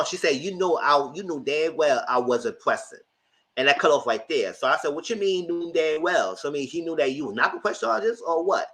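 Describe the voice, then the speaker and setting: Animated man in casual commentary. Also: medium pitch. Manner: reads text messages aloud and reacts. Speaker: commentary vlogger.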